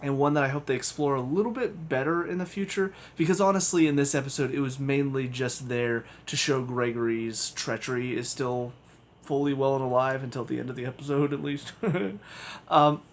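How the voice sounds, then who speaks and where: Man, TV reviewer, casual rambling talk, lots of ums, average pitch, faint hiss. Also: normal speed. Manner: rambling, hedging, frequent ums and restarts.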